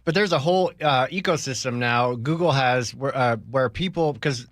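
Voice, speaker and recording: A man's voice: mid-range voice, moderate pace, a bit bright, dry recording. A man co-hosting a radio show, making dry, matter-of-fact remarks in casual on-air chat. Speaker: radio co-host. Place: radio studio. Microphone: studio microphone.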